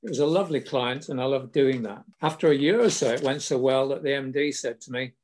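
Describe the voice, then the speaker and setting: Here an older man with a southern English accent reminisces about his career in an easygoing, anecdotal way, dropping in small laughs. The voice is medium in pitch, fairly quick, and a little mellow.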